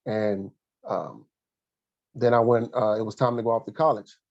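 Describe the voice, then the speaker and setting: A man recalling his past in an interview, earnest and halting, pausing often with fillers and restarts. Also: fairly low pitch, fairly even intonation, darkish tone, no room sound, lo-fi sound. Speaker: guest, former college athlete and coach. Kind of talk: reflective interview storytelling.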